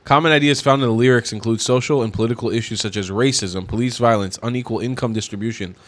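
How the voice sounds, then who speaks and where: A man's voice: mid-range voice, quick pace. A man giving indignant, mocking reaction commentary on video clips.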